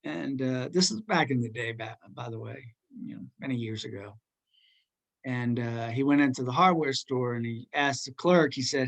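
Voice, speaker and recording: A man's voice: medium pitch, moderate pace, gravelly. Rambling, joking male teacher. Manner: rambling, joking, full of fillers. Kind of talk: casual classroom talk.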